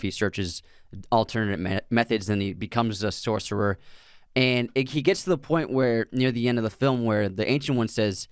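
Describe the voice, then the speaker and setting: A man co-hosting a casual movie podcast, talking in halting bursts with frequent restarts. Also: lowish voice, clear, resonant tone, no room sound, clean studio sound. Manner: halting, many restarts and self-corrections. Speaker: podcast co-host.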